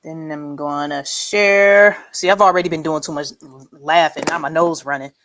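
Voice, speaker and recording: A woman with a slightly low voice hosts a relaxed livestream chat, reading viewer comments aloud at a moderate pace over a little hiss or hum. She's animated, laughs often, and calls her audience "y'all".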